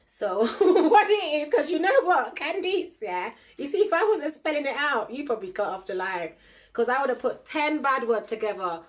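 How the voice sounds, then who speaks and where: A woman's voice: high-pitched, sing-song, moderate pace. Laughing, chatty woman on a livestream. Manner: chatty, laughs often, mixes patois and London slang. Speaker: livestream host and card reader. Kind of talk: casual livestream chat with viewers.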